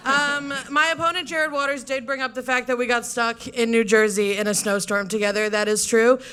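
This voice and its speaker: A woman's voice: a little high, steady tone, a little fast, sharp tone, smooth. A young woman comedian giving a brash, profane, sarcastic stand-up debate speech.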